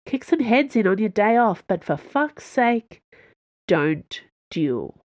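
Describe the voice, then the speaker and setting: A woman's voice: medium pitch, sing-song, slow pace, darkish tone, no echo. A woman voicing a blunt, swearing mother who was once a reckless pilot.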